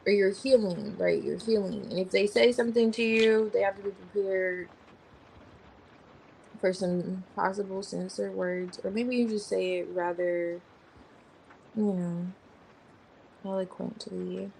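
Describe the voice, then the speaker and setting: A woman talks through a tarot spread in a loose, chatty way, naming cards as she turns them and musing out loud. Her voice has a gravelly fry, and her speech stays informal and slangy. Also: medium pitch, fairly even intonation, measured pace, long pauses, slight background noise, poor audio. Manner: rambling, thinking aloud while naming cards. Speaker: tarot reader. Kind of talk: casual tarot reading.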